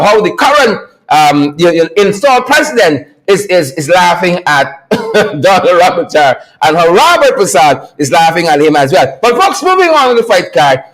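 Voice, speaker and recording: A man hosting a political commentary livestream, sarcastic and animated, often laughing and repeating phrases for emphasis. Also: high voice, poor audio. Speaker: host.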